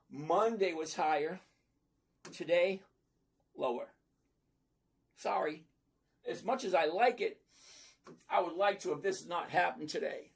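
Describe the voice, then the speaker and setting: Husky-voiced trading streamer, mid-range pitch, casual and blunt, playful, repeats points for emphasis. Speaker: stock trading livestream host. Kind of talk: casual livestream chat reading viewer comments.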